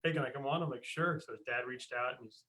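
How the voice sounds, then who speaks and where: With a medium-pitched voice and a fast delivery, this wrestling podcast host from the United States spins anecdotes in casual conversation. He curses, laughs, and performs the voices of the people in his stories.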